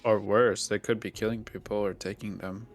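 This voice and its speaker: A man's voice: on the low side, flat delivery, moderate pace, soft background music. A man playing a tabletop game, joking and rambling in casual talk. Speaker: player.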